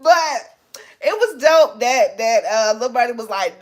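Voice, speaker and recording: A young woman in casual chat, recapping a TV episode as an animated, laughing storyteller with lots of slang. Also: fairly high pitch, moderate pace. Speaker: podcast host recapping a TV show.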